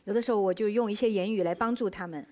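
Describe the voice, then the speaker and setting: A woman interpreting a sermon sentence by sentence in a steady, measured way. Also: mid-range voice.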